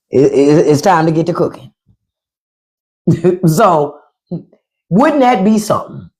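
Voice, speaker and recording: A woman's voice: lowish voice, lively intonation, slow, pauses often, a little mellow. Blunt, profane woman livestream host. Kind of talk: casual livestream chat.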